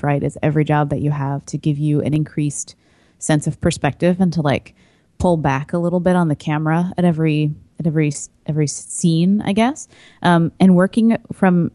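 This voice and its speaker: Woman, 30s, podcast guest; low-pitched, mellow, dry close sound, chatty with fillers. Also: dry recording. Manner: chatty, laughs easily, trails into fillers. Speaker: podcast guest, coffee importer. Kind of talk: casual chat.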